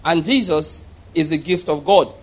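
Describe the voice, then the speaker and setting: A man's voice: on the high side, measured pace, breathy edge. A man preaching a sermon, reading scripture aloud and pressing his points with repeated questions to the congregation. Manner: emphatic, repeats and asks the audience to follow.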